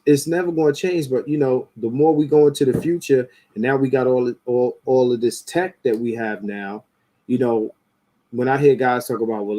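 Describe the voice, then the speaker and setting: Animated man with a mellow voice. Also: medium pitch. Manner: animated, profane, rising into mocking quotes. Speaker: podcast host. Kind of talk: casual opinionated talk.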